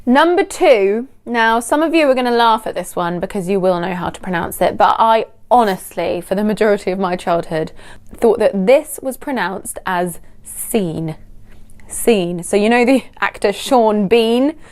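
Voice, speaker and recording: Woman, teacher, scripted lesson to camera, clear, deliberate, mid pitch. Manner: clear, deliberate, slows down to model words. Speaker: English teacher.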